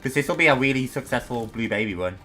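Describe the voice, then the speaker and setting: A young man with a bright, forceful voice talks through his game in a relaxed, chatty way, coaching himself and poking fun at his own mistakes. Soft music plays faintly underneath. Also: medium pitch, fast talker. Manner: chatty, self-deprecating, talks to himself while playing. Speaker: gaming streamer. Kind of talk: casual gameplay commentary.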